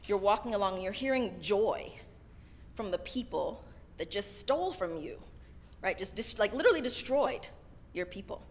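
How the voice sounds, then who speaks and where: A woman's voice: mid-range voice, expressive, normal speed. Chatty woman telling a sermon story. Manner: chatty, keeps adding "right?". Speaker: sermon speaker. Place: synagogue service.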